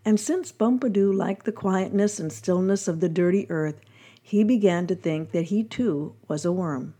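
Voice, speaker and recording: A woman reading a devotional reflection, telling a parable in a gentle, measured storytelling manner. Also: on the low side, husky. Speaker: devotional podcast reader.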